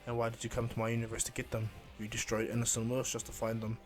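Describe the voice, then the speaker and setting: A man's voice: mid-range voice, monotone, quick pace, soft background music, natural voice. A man voicing an arrogant, all-powerful male destroyer warrior in a fan-told story, speaking sternly and threateningly.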